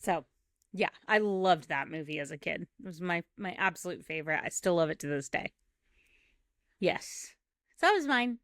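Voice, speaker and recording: A woman in her thirties co-hosting a podcast, chatting casually and retelling a film with animated acted quotes. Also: on the low side, normal speed, no room sound, studio quality. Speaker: podcast co-host. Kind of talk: casual chat.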